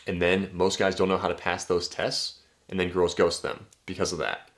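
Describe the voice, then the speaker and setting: A man's voice: deep voice, level tone, normal speed. A man coaching on dating in a casual vlog monologue, blunt and profane, tagging his points with "right?".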